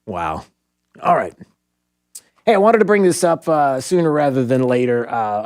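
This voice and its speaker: Male talk radio host, casual and rambling, middle pitch, dry close studio sound. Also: darkish tone, no room sound. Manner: rambling, many fillers and restarts.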